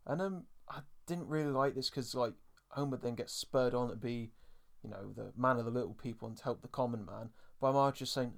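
A man's voice: mid-range voice, brisk, gravelly. A man co-hosting a podcast, chatting casually with lots of fillers about an episode. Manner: chatty, many fillers, acts out quoted lines. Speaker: podcast co-host. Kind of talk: casual episode review chat.

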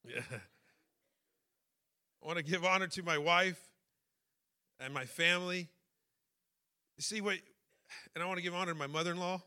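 A man preaching a sermon, emotional and personal, building to shouted fervor. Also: high-pitched, unhurried, pauses often.

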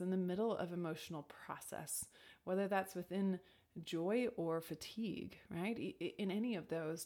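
A woman talking reflectively about intuition and decisions, thoughtful, with frequent "like" and restarts, sometimes dropping to a near whisper. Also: medium pitch. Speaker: speaker sharing personal advice. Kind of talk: reflective casual talk.

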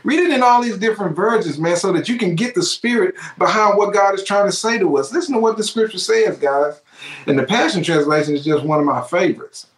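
A man's voice: sits high, a little fast, roomy sound. A man preaching a sermon, fervent and exclaiming, repeating his phrases for emphasis.

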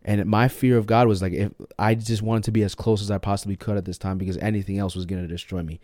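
Young male podcast host, low-pitched, dry close sound, slangy, shifts from hushed to fired up. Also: fast, no echo. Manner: slangy and emphatic, says "bro" and "like" a lot; swings from hushed to loud and excited. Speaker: podcast host sharing his testimony. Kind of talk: casual personal testimony.

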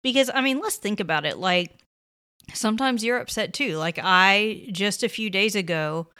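A woman's voice: medium pitch, moderate pace, sharp tone, clean tone. A woman in her thirties hosting a parenting podcast, giving casual, reassuring advice with lots of "you know" and "like". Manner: conversational, reassuring, many fillers like "you know" and "like".

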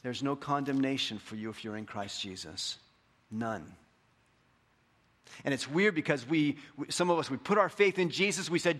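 Preaching at a medium pitch, a male pastor works up to fervent, emphatic high points. He then drops into a soft, slow tone for scripture.

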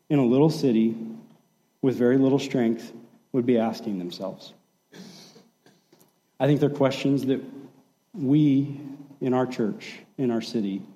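A pastor giving a sermon in a relaxed, conversational storytelling way, acting out the quoted lines. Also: male voice, mid-range voice, in a large hall, poor audio.

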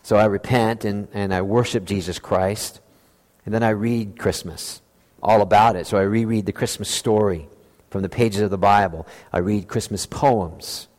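A man preaching a sermon as pastor, earnest and reflective, with slow emphatic phrasing. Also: lowish voice, steady tone, a little mellow. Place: church sanctuary. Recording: long hall reverb.

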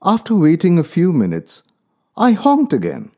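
A man telling a first-person story in a calm, measured, reflective way. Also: sits high. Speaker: narrator. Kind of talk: storytelling narration.

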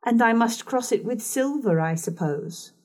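Woman reads blunt, unimpressed young governess, slow. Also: fairly high pitch, animated, darkish tone, pitched above the performer's own voice. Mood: cool. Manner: curt, unimpressed.

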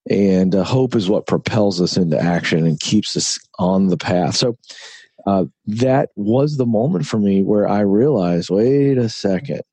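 Man, low voice, mellow and husky, earnest interview storytelling, dry sound. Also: a little slow, no room sound. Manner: earnest, storytelling, emphatic repetition. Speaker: author and broadcaster, guest. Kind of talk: conversational interview.

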